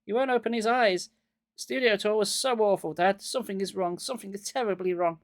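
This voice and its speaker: A man reading aloud, voicing a terrified young girl who shouts and pleads in a frantic, raised voice. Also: high voice, brisk, voice pushed up. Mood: pleading.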